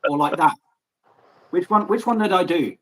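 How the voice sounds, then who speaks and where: A man from Germany hosting a casual livestream chat, animated and joking, who swears freely. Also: high voice, normal speed, poor audio. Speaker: livestream host.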